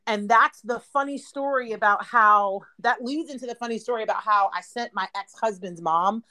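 A woman's voice: on the high side, normal speed. A woman in her thirties co-hosting a podcast, telling a story in casual chat, swearing freely and laughing often. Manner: profane, laughing, animated storytelling. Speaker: podcast co-host.

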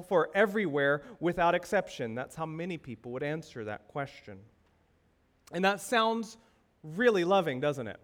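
Emphatic male pastor preaching. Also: high-pitched. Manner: questioning, rhetorical, emphatic. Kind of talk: sermon.

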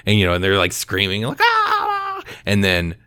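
A man casually telling a tabletop game story on a podcast, animated, slipping into high voices when he quotes people. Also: fast talker, smooth, dry recording, studio quality.

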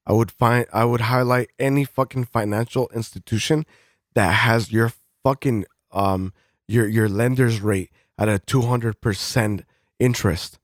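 A man in the middle of a heated, profanity-laden podcast rant, tripping over his words and starting sentences again as he goes. His voice sits at an ordinary male pitch. It is recorded close and dry, with no room sound. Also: fairly even intonation, measured pace, no room sound. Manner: heated, swears constantly, restarts sentences. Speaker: podcast co-host.

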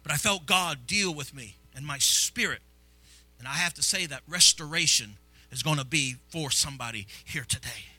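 A man from Illinois preaching a sermon as pastor, fervent and repetitive, swinging from hushed confession to loud exclamations in a church sanctuary. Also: fairly high pitch, expressive, moderate pace, breathy edge, no room sound, soft background music, rough recording.

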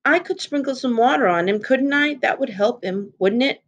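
A woman voicing an eager, anxious young girl with a higher, pleading voice. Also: lively intonation, normal speed.

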